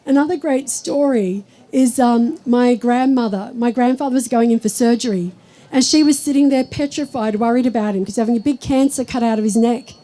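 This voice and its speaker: Aussie woman giving a spiritual talk, high mellow voice, chatty stories. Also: a little fast, rough recording. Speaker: spiritual teacher. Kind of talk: live talk to an audience.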